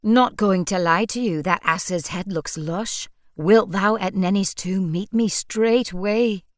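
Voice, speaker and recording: A woman voicing a playful young male actor who puts on a mock Welsh accent and talks loud and jokey, in an audiobook. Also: medium pitch, slow, no echo, studio quality, natural voice. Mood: hammy.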